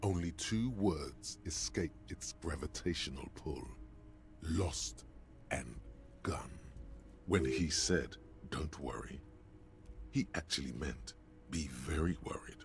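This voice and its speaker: An actor voicing a video game's cruel, knowing inner narrator who speaks in a slow, ominous, taunting way. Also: male voice, extremely low pitch, expressive, music in the background, full character voice. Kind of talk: game narration.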